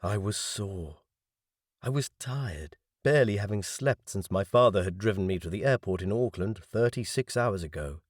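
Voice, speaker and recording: A man reading a science fiction audiobook in first person, measured and wry. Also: fairly low pitch, animated, no room sound, clean studio sound. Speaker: audiobook narrator.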